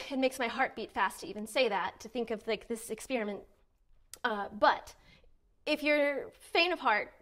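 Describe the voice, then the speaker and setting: Earnest, fairly high-voiced woman speaker. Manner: earnest, dramatic emphasis, varies loudness widely. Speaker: self-help speaker. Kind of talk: direct-to-camera motivational talk.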